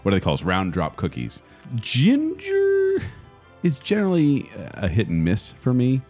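A man's voice: mid-range voice, measured pace, faint music behind. A man co-hosting a podcast in casual chat, laughing often as he talks. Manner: laughs often, chatty and animated. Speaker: podcast co-host.

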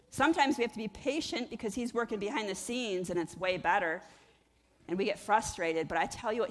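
A woman pastor delivers a sermon in a conversational, emphatic way, surging and then dropping low again. Her voice sits a little high for a woman. The sound carries a long reverb, as in a church hall. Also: brisk. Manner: conversational and emphatic, rising and falling in intensity.

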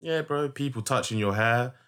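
A young man with a London accent, telling stories in casual chat, slangy and animated, with swearing. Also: mid-range voice, moderate pace, clean tone.

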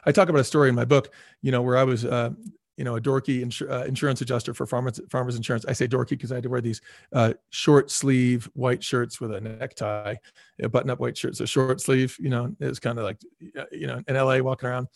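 A middle-aged man speaking as an interview guest, telling animated stories and acting out quoted dialogue with lots of fillers. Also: mid-range voice, fast, creaky, no room sound, clean studio sound. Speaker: guest, restaurant executive.

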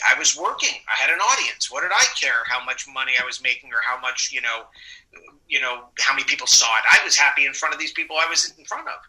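Bright-voiced man telling animated stories. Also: mid-range voice, rough recording. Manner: animated storyteller, laughs often, acts out quoted people. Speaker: actor guest. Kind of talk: anecdotal interview storytelling.

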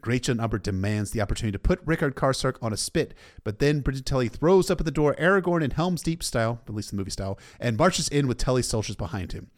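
A man's voice: mid-range voice, animated, quick pace, few pauses. Irreverent man recapping a story. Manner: irreverent, swears casually. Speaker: book recap narrator.

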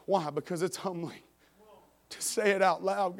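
High-voiced impassioned male preacher. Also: moderate pace. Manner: impassioned, swinging from loud emphatic preaching to quiet confiding; repetitive emphatic phrasing. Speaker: preacher and youth pastor. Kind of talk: sermon.

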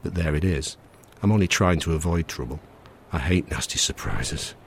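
A man's voice: very deep voice, normal speed, a little hiss or hum. A man voicing a nervous middle-aged husband who talks in an anxious, fretful way.

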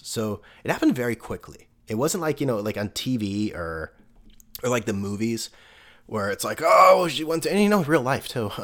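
A young man, a podcast host, telling a personal story in a loose conversational way, swearing now and then and laughing between thoughts. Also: on the low side. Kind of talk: casual storytelling monologue.

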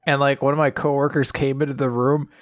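A man co-hosting a casual chat, telling anecdotes in a giggly, animated way. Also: medium pitch, quick pace. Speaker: podcast co-host.

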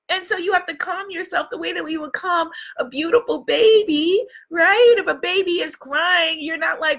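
Woman, high voice, bright tone, live coaching, warm, encouraging, repeats phrases. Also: moderate pace, few pauses. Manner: warm, encouraging, greets viewers by name. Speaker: livestream coach.

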